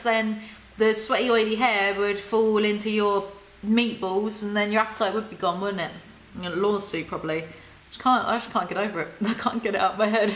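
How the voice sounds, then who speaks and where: A woman giving soft-spoken ASMR book commentary, reading passages aloud with sarcastic, wry asides. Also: medium pitch, roomy sound, a little hiss or hum, low-quality recording.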